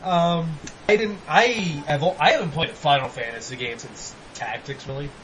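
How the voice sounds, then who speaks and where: A man's voice: fairly high pitch, normal speed, slight background noise, low-quality recording. A man hosting a casual podcast chat, rambling and swearing freely. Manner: rambling, profane, animated. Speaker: podcast host.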